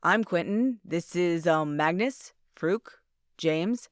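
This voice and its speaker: A woman's voice: fairly low pitch, expressive, slow pace, no echo, clean studio sound. A woman voicing a polite, composed former military man with an apologetic manner.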